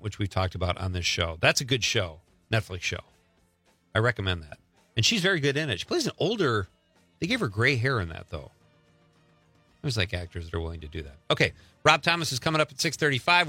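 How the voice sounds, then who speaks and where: A middle-aged man hosting a talk radio show, chatting in an animated, opinionated way and laughing often. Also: mid-range voice, no echo. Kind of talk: casual talk radio banter. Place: radio studio.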